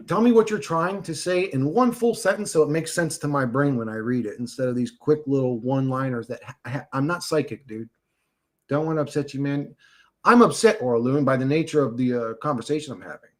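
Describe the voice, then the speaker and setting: A man's voice: medium pitch, expressive, brisk. A man hosting a livestream, ranting and swearing as he answers chat comments. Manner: agitated, profane, talks back to chat comments. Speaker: livestream host reading chat. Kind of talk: casual livestream rant.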